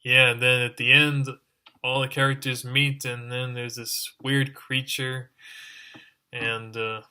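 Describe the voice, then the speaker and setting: Exasperated man ranting, bright voice. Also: mid-range voice, clean tone. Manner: exasperated, exclaiming over and over. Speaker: online reviewer. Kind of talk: ranting review.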